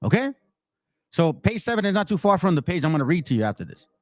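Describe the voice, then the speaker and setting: A man's voice: sits high, big pitch swings, fast talker, no room sound. Blunt, mocking man commentator. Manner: mocking, blunt, swears freely. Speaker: online commentator. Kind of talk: casual reaction commentary.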